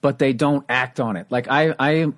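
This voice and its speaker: Man, about fifty, podcast host. Candid, chatty, swears freely, medium pitch. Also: moderate pace. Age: around 50. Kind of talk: casual interview chat.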